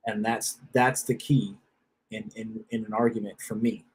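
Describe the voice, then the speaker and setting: A man's voice: lowish voice, flat delivery, measured pace, a little mellow, breathy edge, rough recording. A man with a wife and children giving a blunt, profane motivational talk that often repeats itself. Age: adult with a wife and children. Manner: repeats phrases, restarts. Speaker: self-help speaker.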